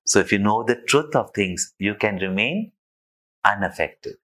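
A man's voice: lowish voice, animated, measured pace, fairly bright tone, low-quality recording. A man, a spiritual teacher, telling an anecdote in a sermon and drawing a moral from it. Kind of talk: sermon storytelling.

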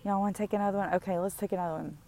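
A woman hosting her own podcast, talking anxiously and haltingly with many pauses and fillers, her throat tight with stress, recorded outdoors. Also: mid-range voice, fairly even intonation, dark tone, slight background noise. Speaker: podcast host. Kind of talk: personal podcast monologue. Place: outdoors in the sun.

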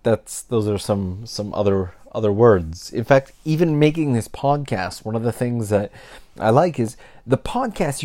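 On his casual solo podcast, a Canadian host talks in a frank, reflective way, frequently stopping to rephrase mid-sentence. His voice is mid-range and a little mellow.

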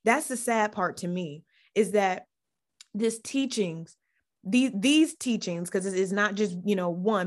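A woman hosting a faith podcast, preaching with fervor, repeating phrases and restarting lines as her feeling builds. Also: medium pitch. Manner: fervent, repeats phrases, stumbles over restarts. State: getting emotional. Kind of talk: impassioned Christian teaching.

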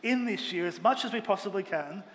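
A pastor preaching a Sunday sermon with earnest, emphatic delivery, speaking in a church auditorium. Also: male voice, high voice, brisk, fairly bright tone. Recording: long hall reverb, faint ambient noise.

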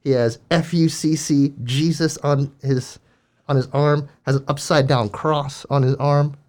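A man with a slightly high, unhurried voice appears as a guest telling a ministry story. He recounts a faith story earnestly and with animation in casual conversation, acting out the quotes.

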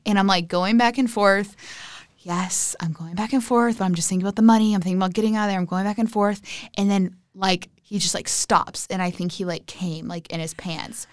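A young woman guesting on a podcast, telling animated stories full of swearing and fillers. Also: mid-range voice, fairly quick, slight background noise. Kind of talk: casual storytelling.

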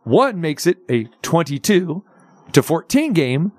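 A man's voice: on the high side, very animated, measured pace, no echo. A man hosting a sports radio show, ranting with sarcastic asides. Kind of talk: casual sports talk radio rant.

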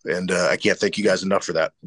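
A man's voice: low-pitched, fairly even intonation, fast, fairly bright tone, no echo. A man who is a guest and longtime fan in a casual interview, earnest and grateful.

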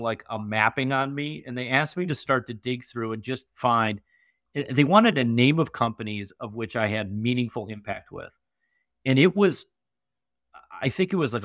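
A young man talks as a podcast guest, emphatic and animated, and drops in "right?" and "like" all the time. His voice sits in a middle pitch. It is recorded close and dry, with no room sound. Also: no room sound. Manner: animated, emphatic, many fillers and tag questions. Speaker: podcast guest, venture investor. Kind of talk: casual interview storytelling.

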